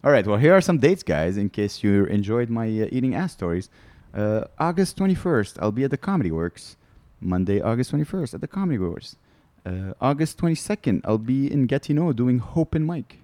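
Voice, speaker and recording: A man's voice: medium pitch, big pitch swings, fairly quick, few pauses, mellow, no room sound. A man, a comedian guest on a podcast, telling rambling candid stories in casual chat. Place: studio.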